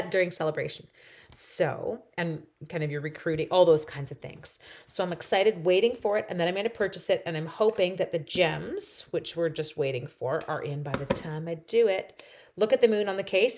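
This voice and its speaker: A woman demonstrating stamping on a livestream, chatting casually and giggling as she answers viewers while she works. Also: on the low side. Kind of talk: casual live-stream chat while crafting.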